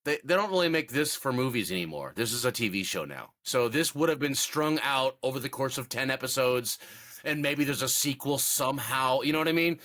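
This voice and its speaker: A man's voice: mid-range voice, expressive, brisk, a bit bright. A man co-hosting a podcast, talking casually about a movie in a rambling way, full of fillers. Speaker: podcast co-host. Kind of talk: casual movie review chat.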